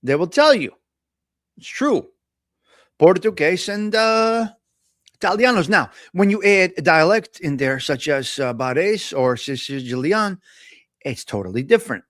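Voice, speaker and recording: Animated chatty man. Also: sits high, unhurried, dry recording, clean studio sound. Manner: chatty, animated storyteller with restarts. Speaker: host of a live coffee talk show. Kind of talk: casual live-stream chat.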